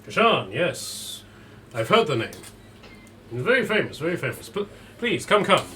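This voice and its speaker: A man voicing a smooth-talking aristocrat in fine robes with a put-on Eastern European accent, courtly and evasive, repeating his words. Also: on the high side, very animated, unhurried, bright, forceful tone, slight background noise, pitched above the performer's own voice, heavily acted. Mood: smooth, insistent.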